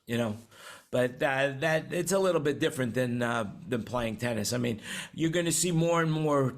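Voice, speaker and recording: A man's voice: medium pitch, normal speed. An older man from New York hosting a casual panel chat on current events over a video call, rambling and chatty with many restarts. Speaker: host.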